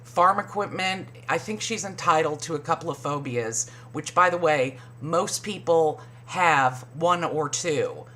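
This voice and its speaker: Deep-voiced lady ranting about reality tv, sarcastic and sweary. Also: unhurried, few pauses, bright, forceful tone, a little hiss or hum. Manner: sarcastic, swears a lot, mimics people in high voices. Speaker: reality TV recap host. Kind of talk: profane casual commentary.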